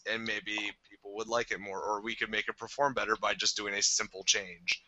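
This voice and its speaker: A man co-hosting a podcast, ranting in an animated, casual way. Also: fairly low pitch, a little fast, hardly any pauses, dry recording, rough recording. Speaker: podcast co-host. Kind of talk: casual chat.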